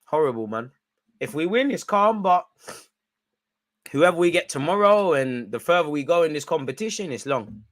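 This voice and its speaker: A man's voice: a little high, big pitch swings, moderate pace. A man hosting a live football watch-along, chatting in slangy banter, reacting to the play and often breaking into laughter. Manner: reacts loudly to goals and chances.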